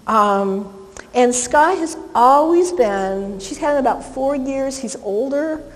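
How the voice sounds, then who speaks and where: A woman's voice: sits high, lively intonation, takes it slowly. A woman dog trainer presenting a live seminar demonstration to an audience, explaining in a chatty way with many fillers and restarts. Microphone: handheld microphone. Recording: echoey hall, faint ambience.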